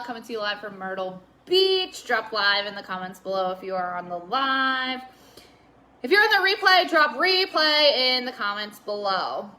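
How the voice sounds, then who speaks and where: A woman's voice: fairly high pitch, pushed and bright. A woman hosting a casual live stream, chatty and earnest, with lots of "like" and fillers. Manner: chatty, heavy use of "like" and fillers; open and earnest.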